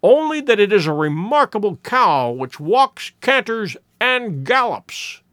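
A man voicing an eager, sharp male detective who makes brisk, emphatic deductions in an audiobook reading. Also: high-pitched, sing-song, no room sound, studio quality, voice pushed up, full character voice. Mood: excited, insistent.

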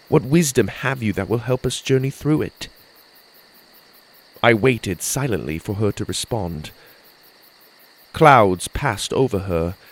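Male storyteller, scripted narration, earnest, lively pitch, gravelly. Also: poor audio. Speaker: storyteller and podcast host.

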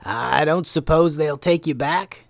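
A man's voice: on the high side, unhurried, gravelly, no room sound, clean studio sound, pitched above the performer's own voice. A man voicing an easygoing male ninja master with a folksy drawl. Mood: thoughtful.

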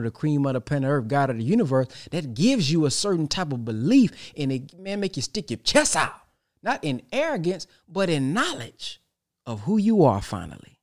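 A man preaches in a loose, conversational way, full of everyday examples and rhetorical questions. His voice sits slightly high for a man, and he leans hard on key words. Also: a little mellow. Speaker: podcast host giving a spiritual talk. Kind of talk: spiritual talk, casual preaching.

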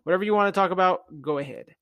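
A man's voice: high-pitched, very fast, a bit bright. A man hosting a podcast, chatting casually, rambling and telling jokes. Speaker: podcast host. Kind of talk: casual chat.

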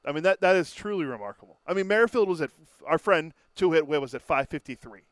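A man's voice: on the high side, lively intonation, fast, no room sound. A man co-hosting a sports talk show, looking up and reading out stats in a matter-of-fact way. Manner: matter-of-fact, reads out numbers.

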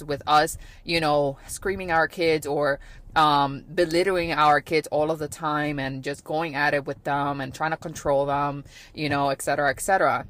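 A woman's voice: sits low, steady tone, moderate pace, a bit bright. A woman in her thirties hosting a podcast, talking about parenting in a casual, reflective way, earnest, with many fillers and repeats. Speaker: podcast host.

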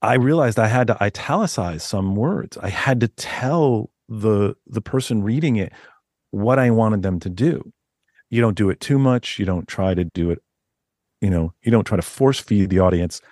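Low-voiced man telling animated stories. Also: normal speed, no room sound, clean studio sound. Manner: rambling, animated storyteller with many restarts. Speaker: author guest. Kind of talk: casual podcast interview.

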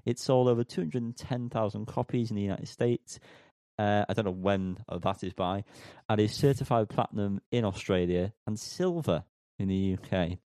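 A man's voice: on the low side, normal speed, few pauses, warm tone, no echo. A man co-hosting a podcast in casual chat, rambling with many ums and teasing himself. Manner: rambling, self-mocking, lots of ums. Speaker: podcast co-host.

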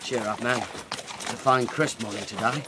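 An actor playing an earnest young English gentleman who talks calmly in a radio drama. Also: medium pitch, normal speed, noisy background, natural voice.

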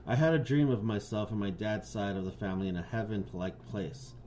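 A man's voice: fairly low pitch, a little fast, darkish tone, a little hiss or hum. A man co-hosting a podcast, joking crudely and reading stories aloud. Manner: crude, joking, laughs a lot. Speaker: podcast co-host.

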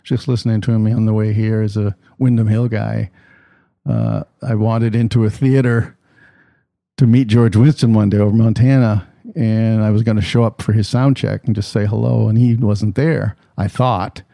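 A man with a mellow, dark voice telling easygoing stories about his life in music. He talks casually and with animation, in a dry room with little reverb. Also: fairly low pitch, normal speed, creaky. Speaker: musician guest. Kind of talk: conversational storytelling.

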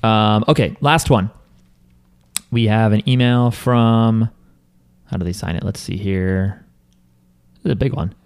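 A man's voice: fairly low pitch, unhurried, pauses often, clean tone. A man hosting a podcast in casual chat, rambling and reading listener emails aloud. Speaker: podcast host.

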